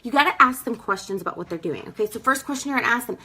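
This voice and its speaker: A woman's voice: mid-range voice, fast talker, bright, forceful tone, husky, low-quality recording. A young woman gives a casual, emphatic sales training talk, calling her listeners "girl" and acting out her customers. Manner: acts out customers in quoted voices. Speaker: direct sales team leader.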